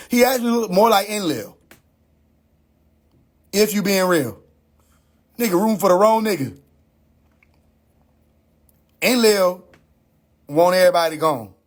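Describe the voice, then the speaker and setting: High-voiced man ranting on a livestream. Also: expressive, slow, pauses often. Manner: incredulous, mocking, swears constantly, repeats questions for effect. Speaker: livestream host. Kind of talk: profane comedic rant on a livestream.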